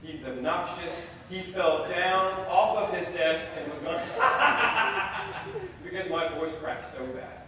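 A man's voice: high voice, takes it slowly, far from the mic, crowd noise. Self-mocking young man in an echoey hall. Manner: animated, self-deprecating storytelling. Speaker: chapel speaker. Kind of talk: storytelling chapel talk. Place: large hall.

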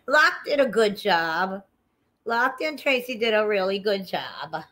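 A woman's voice: mid-range voice, fairly bright tone. A woman hosting a casual livestream, chatty and profane, greeting viewers by name as she tells stories. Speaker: livestream host.

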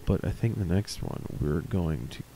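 Lively low-voiced man reading aloud. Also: normal speed, slight background noise. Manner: casual, chatty asides. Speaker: reader of stories. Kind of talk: reading a horror story aloud.

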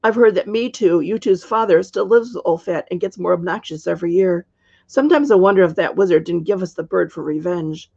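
A woman's voice: fairly low pitch, fairly quick, creaky, no room sound, muffled recording. A woman reading as a kind motherly queen. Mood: reassuring. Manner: calm, reassuring. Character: kind middle-aged queen and witch, motherly.

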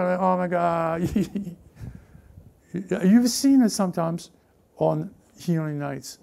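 Man, pastor, gravelly, warm, lively sermon, restarts and repeats. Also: sits high, slow pace. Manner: animated, repeats words, acts out characters. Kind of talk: lively sermon with acted-out voices.

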